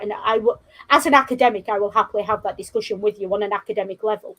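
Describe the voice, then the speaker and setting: A woman co-hosting a casual podcast chat, telling stories in a blunt, sweary, animated way. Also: mid-range voice, fast. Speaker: co-host.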